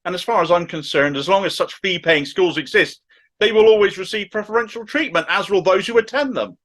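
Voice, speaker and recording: Middle-aged Cornish man, thick accent, pitched a bit high; opinionated video commentator with mocking, sarcastic asides. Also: fairly quick, fairly bright tone. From Cornwall. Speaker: political commentator. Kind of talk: opinionated political commentary to camera.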